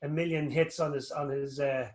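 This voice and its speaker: A man's voice: a little high, normal speed. A man with an Irish accent, chatting as an interview guest, rambling and joking as he tells stories. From Northern Ireland. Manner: rambling, animated storyteller, joking. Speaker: guest, anatomist. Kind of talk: casual interview chat. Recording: echoey room.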